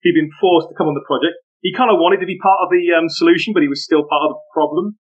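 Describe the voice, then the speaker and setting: Animated storytelling man, muffled audio. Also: a little high, fast talker. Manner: animated, laughing, full of anecdotes. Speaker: podcast guest. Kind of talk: casual storytelling interview.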